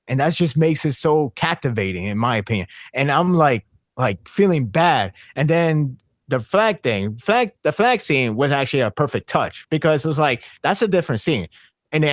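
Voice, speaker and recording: A man talking casually on a podcast, excitable and rambling, with frequent restarts and fillers. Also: a little high, no room sound, clean studio sound. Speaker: podcast co-host.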